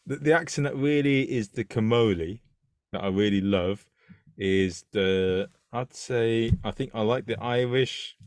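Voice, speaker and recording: A man's voice: fairly low pitch, measured pace, darkish tone, dry recording. A man hosting a casual interview, asking questions with lots of stumbling restarts. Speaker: interview host.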